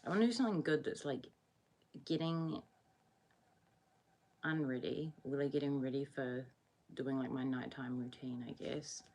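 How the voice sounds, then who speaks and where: A woman's voice: extremely low pitch, normal speed, a little mellow. A tired woman with a New Zealand accent, rambling sleepily as she chats casually with livestream viewers. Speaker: livestream host. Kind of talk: casual live-stream chat.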